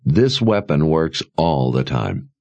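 Audiobook: male narrator as a self-assured young lord, low and lively. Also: slow, gravelly, muffled recording, heavily acted. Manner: assured, explanatory. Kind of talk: audiobook character voice.

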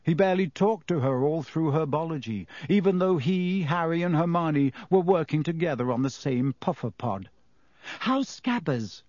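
A man narrating a children's novel in an expressive storytelling manner. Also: on the high side, normal speed, hardly any pauses, dry recording. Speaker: audiobook narrator. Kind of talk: scripted narration.

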